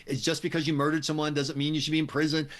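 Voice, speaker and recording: A man's voice: on the high side, flat delivery, rapid-fire, fairly bright tone. A man appearing as a political commentator on a radio show, speaking emphatically and sarcastically. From United States. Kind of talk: talk radio interview.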